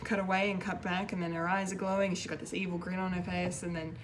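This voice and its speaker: A woman reviewing a TV episode in a casual, rambling way, excitable and full of fillers and restarts. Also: lowish voice, fast, noisy background. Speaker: pop culture reviewer, show regular.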